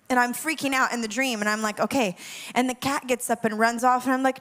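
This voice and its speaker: A woman worship leader telling a funny dream story, animated and dramatic, laughing as she goes. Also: high-pitched, fast talker. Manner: animated, laughing often, dramatic self-mocking asides. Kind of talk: humorous dream storytelling to a class.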